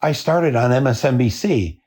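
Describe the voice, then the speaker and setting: A man's voice: mid-range voice, expressive, moderate pace, darkish tone, voice pushed up, close to an everyday voice. An older man putting on the voice of a smug male TV anchor who sneers at his own viewers. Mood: mocking.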